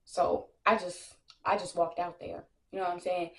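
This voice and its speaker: A woman's voice: lowish voice, moderate pace. Young woman spilling the tea, brash and cussing, acts out everybody's lines, kinda echoey room. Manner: animated, brash, lots of slang and profanity; acts out other people's lines in quotes. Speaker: storytime vlogger. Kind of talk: casual storytime.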